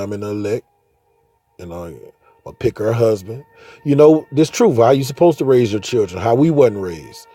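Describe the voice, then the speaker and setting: A man's voice: fairly low pitch, mellow. A man in his thirties, a father, telling a rambling story about faith in casual, profane speech full of restarts. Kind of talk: casual spoken monologue.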